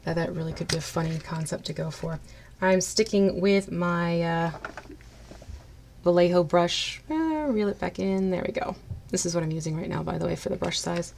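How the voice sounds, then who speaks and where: A woman chatting casually on a live stream while she paints miniatures. She laughs often and greets her viewers brightly by name. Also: lowish voice, moderate pace, creaky, a little hiss or hum.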